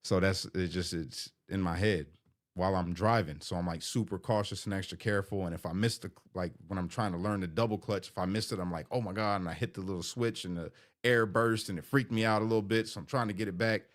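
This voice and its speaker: Middle-aged man, low voice, confessional vlog delivery, candid and emotional. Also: fairly even intonation, quick pace. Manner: candid, emotional, rambling with fillers. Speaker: vlogger. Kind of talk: personal vlog, confessional storytelling.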